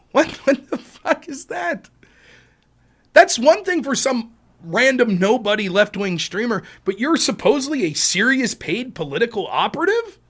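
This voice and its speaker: A man's voice: very high voice, fairly bright tone, slightly rough. A man hosting a political live stream, ranting in a profane, combative, sarcastic way. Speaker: livestream political commentator.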